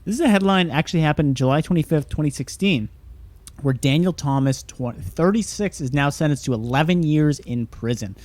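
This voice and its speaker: A man co-hosting a podcast, reading out news stories in a relaxed, halting way. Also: on the high side, no echo. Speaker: podcast co-host. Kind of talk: casual chat, reading headlines.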